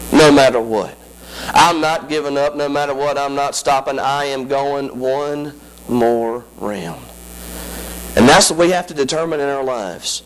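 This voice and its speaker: A male pastor delivering a sermon, repeating phrases in rhythmic runs and building to high, strained climaxes. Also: unhurried, long pauses, slight background noise, rough recording.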